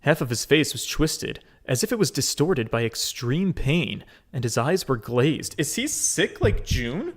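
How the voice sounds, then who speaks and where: A man playing a game and reading its text aloud, with casual, expressive commentary and swearing asides. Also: medium pitch, measured pace, hardly any pauses. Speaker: let's play gamer.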